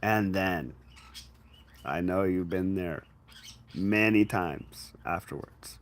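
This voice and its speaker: Lowish-voiced man giving a casual spiritual talk. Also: expressive, takes it slowly, vocal fry. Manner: reflective and conversational, talks straight to the listener; acts out inner voices with sudden loud exclamations. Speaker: spiritual teacher.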